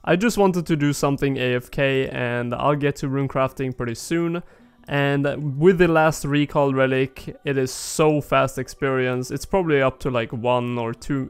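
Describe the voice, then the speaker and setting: Smooth-voiced groggy man narrating gameplay. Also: mid-range voice. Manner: relaxed, thinking aloud with fillers. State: groggy, just woke up. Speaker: gaming video creator. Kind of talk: casual gameplay commentary.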